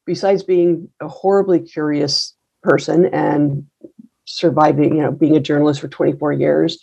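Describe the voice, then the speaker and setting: A middle-aged woman with a low, gravelly voice talks through her story in a loose, wry manner, often pausing on fillers and restarting. Her tone is dark and mellow, and the recording sounds a bit dull and lo-fi. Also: steady tone. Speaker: coffee roaster and business owner. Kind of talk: casual interview storytelling.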